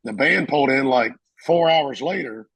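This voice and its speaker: A Marine veteran telling a story in a casual interview, acting out the voices of people in it and laughing often. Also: male voice, medium pitch, lively intonation, moderate pace, vocal fry, a crowd in the background, poor audio.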